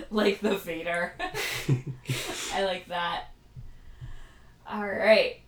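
A woman's voice: mid-range voice, fairly even intonation, extremely slow, slight background noise. A woman hosting a podcast in casual chat, laughing often and trailing off with fillers over a call. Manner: giggly, chatty, hesitant fillers. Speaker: podcast host. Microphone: talking over a video call. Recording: roomy echo.

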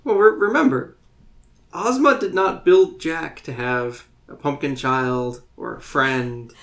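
A man co-hosting a podcast in casual chat, animated and laughing easily, often restarting his sentences. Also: mid-range voice, slow pace. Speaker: podcast co-host. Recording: roomy echo.

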